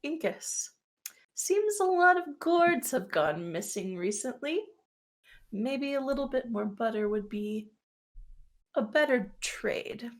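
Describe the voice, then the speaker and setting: A woman voicing a sly halfling woman who speaks in a hushed, knowing way. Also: on the high side, animated, slow.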